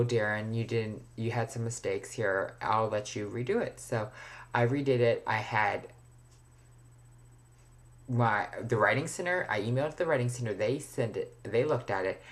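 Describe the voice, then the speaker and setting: A young man talking casually to camera in a rambling video diary, now and then dropping to a near whisper. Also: fairly low pitch. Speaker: vlogger.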